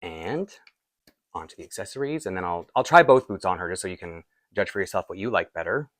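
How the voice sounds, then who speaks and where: A man's voice: sits low, lively intonation, brisk, a bit bright, dry recording. A man with a Canadian accent chatting casually through a doll unboxing, rambling with frequent little laughs. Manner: rambling, chatty, laughs often between asides. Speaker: doll collector vlogger.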